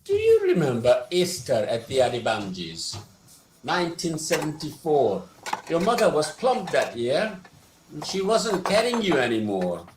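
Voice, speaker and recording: An actress playing a fond, playful elderly woman who reminisces slowly in a sing-song way. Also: sits low, wildly swooping pitch, a little mellow, exaggerated voice. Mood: fond nostalgic. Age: older. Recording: roomy echo with background noise.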